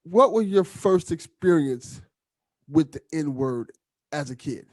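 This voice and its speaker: A man's voice: on the high side, expressive, takes it slowly, darkish tone, dry recording. Direct male podcast host, dry sound. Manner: direct, friendly questioning. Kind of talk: podcast interview.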